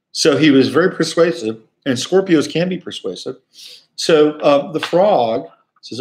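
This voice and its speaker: A man's voice: on the high side, expressive, moderate pace. A man hosting a casual astrology talk, speaking in a rambling, conversational way full of fillers. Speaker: astrologer host.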